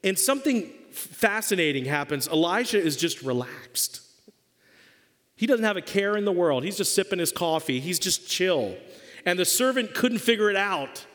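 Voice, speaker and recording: A man's voice: sits high, fairly bright tone, in a large hall. A man preaching a sermon as pastor, conversational and jokey.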